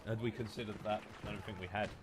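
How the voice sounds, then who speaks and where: Gaming on a live stream, a young man with a British accent and a stuffy, nasal voice rambles and curses at his chat through a headset. His lowish voice is fairly even in intonation and fast, with background noise behind it.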